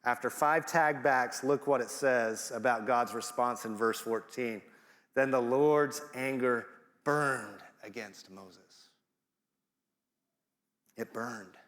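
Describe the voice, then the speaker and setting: A man's voice: medium pitch, takes it slowly, a bit bright, long reverb tail. A man preaching a sermon in a conversational, playful way, acting out the voices he quotes. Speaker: guest preacher. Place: church sanctuary.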